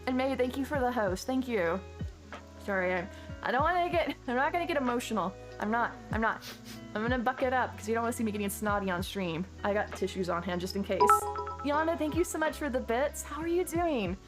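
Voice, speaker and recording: A slightly high-voiced woman streamer gushes her thanks to viewers in loose, rambling live-stream chat, tripping over her words and restarting sentences. Lo-fi background music plays clearly under her voice throughout. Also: lively intonation, fairly quick. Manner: gushing, effusive, rambling with many restarts.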